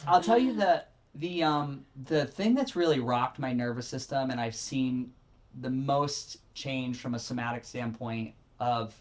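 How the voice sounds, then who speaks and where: A middle-aged man talks as a podcast guest, with his voice sitting at an ordinary middle pitch. He rambles and corrects himself mid-sentence, and he gets animated as he tells his story candidly.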